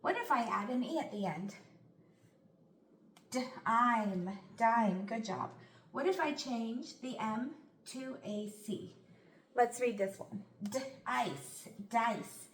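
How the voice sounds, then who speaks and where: A woman teaching a phonics lesson, slowly sounding out words and praising often. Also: fairly high pitch, expressive, slight background noise. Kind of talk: slow, clear classroom instruction. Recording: echoey room.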